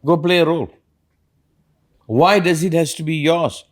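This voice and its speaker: A man's voice: on the high side, moderate pace. A man, a spiritual teacher, talking earnestly in a reflective conversation and asking probing questions.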